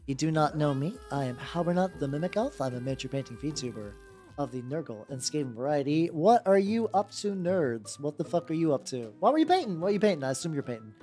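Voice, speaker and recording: A chatty miniature-painting VTuber talks to a live stream audience while working. The voice swings widely in pitch and rambles in loose, profane asides. Soft background music plays underneath. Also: very animated, quick pace. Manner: rambling and profane, with frequent self-restarts; greets and chats with viewers while working. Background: faint background music.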